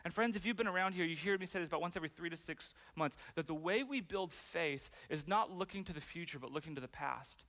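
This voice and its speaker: A man's voice: a little high, fast talker, hardly any pauses, a bit bright. A man preaching a sermon as pastor, conversational and self-deprecating, with playful asides.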